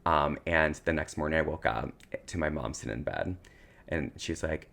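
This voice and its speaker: Male podcast co-host, low and gravelly, emotional storyteller. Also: normal speed. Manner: emotional, tearful at times, animated storytelling. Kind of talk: casual chat, personal storytelling.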